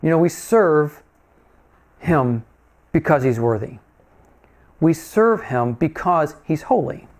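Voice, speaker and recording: A man's voice: on the high side, very animated, takes it slowly, pauses often. A man preaching a sermon in a conversational, folksy way, often asking his listeners questions.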